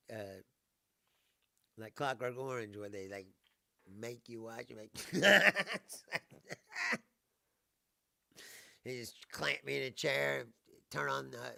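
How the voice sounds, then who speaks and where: A man's voice: mid-range voice, extremely slow, vocal fry, long pauses, pushed and bright, dry recording. A middle-aged man hosting his own show, ranting casually with lots of swearing and laughter, mocking and sarcastic. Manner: swears a lot and laughs often. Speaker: show host. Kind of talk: casual profane rant.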